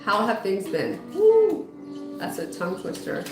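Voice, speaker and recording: Speaking a little fast in a mid-range voice, a woman who is a spiritual medium and psychotherapist chats casually with livestream viewers while doing tarot readings. She greets people, often trailing off and starting again. She's at home with a dog audible outside, and the sound is roomy with music in the background.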